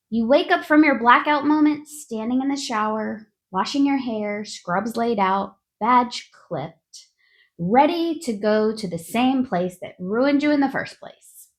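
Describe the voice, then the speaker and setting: A woman hosting a nurses' podcast, giving a sarcastic, exasperated comedic monologue. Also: fairly high pitch.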